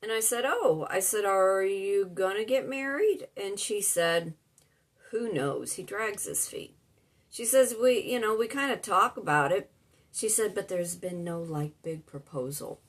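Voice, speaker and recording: A woman's voice: mid-range voice, expressive, unhurried. A middle-aged woman telling a story in a casual, chatty way, retelling conversations line by line. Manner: chatty, retells dialogue with "I said" and "she said". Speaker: vlogger and life coach.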